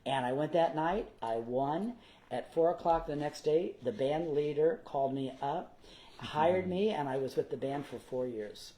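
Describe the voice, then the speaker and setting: A man, a guest performer, telling theater anecdotes in a casual interview, animated and theatrical. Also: fairly high pitch, measured pace, poor audio. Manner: animated, theatrical, slips into character voices.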